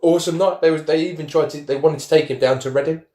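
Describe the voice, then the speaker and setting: A man's voice: a little high, fairly even intonation, fast talker, warm tone, reverberant. A man telling rambling stories in a casual podcast chat. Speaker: podcast host.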